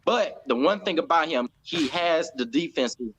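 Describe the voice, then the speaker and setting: An American man giving a fan's reaction to a football match in casual chat, growing loud and animated when he acts out the coach. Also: fairly high pitch, a little slow. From United States. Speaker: fan pundit.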